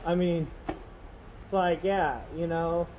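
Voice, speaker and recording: A man's voice: fairly high pitch, fairly even intonation, slow pace, dull audio, a little hiss or hum. A man vlogging from his car, rambling and aggrieved, full of "you know" fillers. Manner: aggrieved, complaining. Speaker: delivery driver vlogger. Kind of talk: casual vlog rant. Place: in his car on a snowy road.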